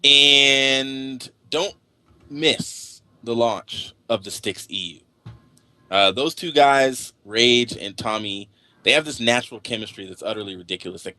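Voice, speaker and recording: A man's voice: lowish voice, unhurried, sharp tone. A man hosting a casual gaming podcast, upbeat and chatty. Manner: upbeat, plugging sponsors. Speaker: host.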